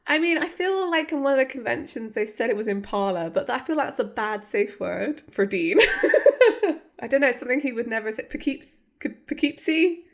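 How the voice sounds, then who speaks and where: A woman's voice: on the high side, sing-song, moderate pace. Chatty woman podcast co-host. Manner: chatty, full of "like" and giggles. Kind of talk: casual episode recap chat.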